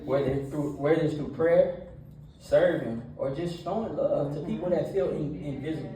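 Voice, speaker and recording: A man in his thirties preaching a casual, animated storytelling sermon that is full of laughs, with a nervous edge. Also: a little high, moderate pace, crowd noise. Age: 30s. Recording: echoey room from a distance.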